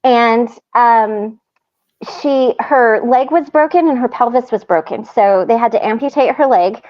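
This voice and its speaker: A woman with a very high voice tells stories as a guest in a relaxed conversation. She is animated and laughs often. The recording sounds a little dull and muffled. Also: measured pace. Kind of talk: casual chat.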